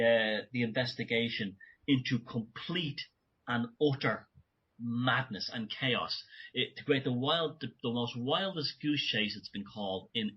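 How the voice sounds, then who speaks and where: A man's voice: mid-range voice, a bit bright, slightly rough, muffled recording. A man speaking as a guest in an interview, talking in long rambling runs with many restarts and self-corrections. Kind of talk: remote conversational interview.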